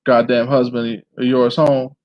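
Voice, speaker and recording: A man's voice: medium pitch, little pitch movement, measured pace, no room sound, close to an everyday voice. A man reading the part of a crude, confrontational woman in a memoir, on a dull dry recording. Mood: hostile. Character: brash hostile woman, crude.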